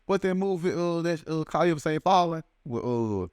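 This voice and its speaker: A man's voice: on the high side, expressive, darkish tone, smooth, dry recording. A man, co-hosting a podcast and telling rambling, profane stories with many halts. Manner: rambling storyteller, profane and halting. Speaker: podcast co-host. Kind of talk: casual podcast chat.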